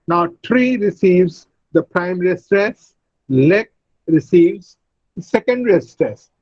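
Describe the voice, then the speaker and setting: A man teaching English word stress in an online lecture, speaking deliberately and repeating each word to model it. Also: high-pitched, animated, dry recording, highs cut off. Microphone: computer mic on a video call.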